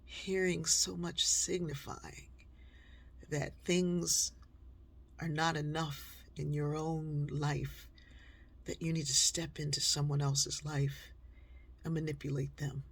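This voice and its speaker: Gravelly, husky older woman telling a story. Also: low-pitched, fairly even intonation. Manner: conversational, slows down and drops to a near whisper on key points. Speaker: speaker and author. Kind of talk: personal storytelling monologue.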